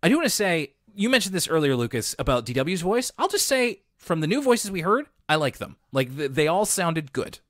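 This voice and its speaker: A man from Canada co-hosting a casual podcast, chatty and quick to laugh. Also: no echo, clean studio sound. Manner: chatty, laughs easily, lively pitch. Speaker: podcast co-host.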